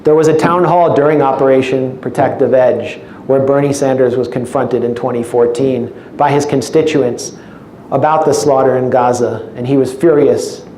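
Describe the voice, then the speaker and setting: A man's voice: medium pitch, fairly even intonation, moderate pace, dark tone. A man giving a public lecture as an invited speaker, with a wry, sarcastic sense of humor. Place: lecture room with an audience. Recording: echoey room with faint noise.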